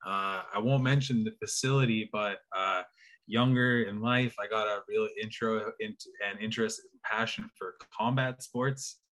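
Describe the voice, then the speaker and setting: Bright-voiced man telling a laid-back story. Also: on the low side. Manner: relaxed, many "uh" pauses, dry humor. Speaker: podcast guest. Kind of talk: casual storytelling.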